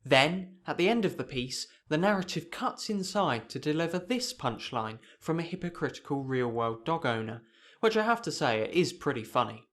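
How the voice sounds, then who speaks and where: A man's voice: fairly high pitch, sing-song, normal speed, fairly bright tone. A young man narrating a scripted video essay in a dry, sardonic manner.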